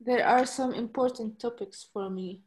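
A woman's voice: fairly high pitch, normal speed. A woman from Jordan joining a live stream as an audience caller, speaking hesitantly and politely. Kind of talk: casual call-in chat.

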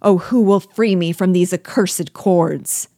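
A woman reading aloud, voicing an enraged young male captive who shouts furious outbursts in a low, dry voice. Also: unhurried, dry recording.

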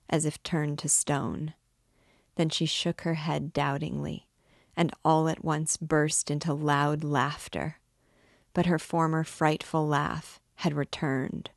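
A woman teacher reading a classic novel aloud in a measured, expressive narrating voice. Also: low-pitched, gravelly, no room sound, studio quality. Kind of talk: audiobook-style novel reading.

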